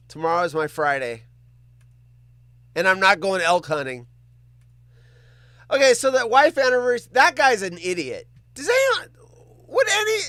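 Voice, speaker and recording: A man hosting a casual livestream, reading viewer comments out loud, joking around and swearing freely. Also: very high-pitched, dry recording. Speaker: livestream host.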